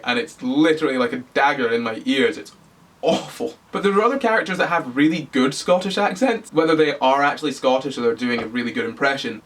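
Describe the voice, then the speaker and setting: A man's voice: a little high, fairly bright tone, far from the mic. A young man ranting in a casual vlog review, exasperated and sarcastic. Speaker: YouTuber.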